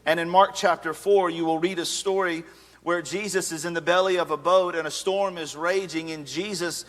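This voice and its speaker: A man's voice: fairly high pitch, fairly even intonation, normal speed, a bit bright. A man in his thirties preaching a sermon as a pastor, conversational and humorous, slipping into acted asides. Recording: long reverb of a large hall.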